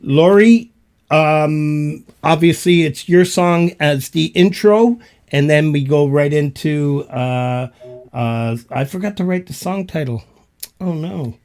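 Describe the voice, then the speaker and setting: A man's voice: fairly high pitch, slow, darkish tone. A man with a Canadian accent hosting a casual online panel chat, rambling with many fillers. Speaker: host.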